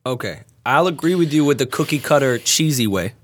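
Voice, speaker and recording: A man's voice: mid-range voice, lively intonation, a little fast, music in the background. Easygoing male podcast co-host. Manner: easygoing, reads out news items. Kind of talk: casual chat.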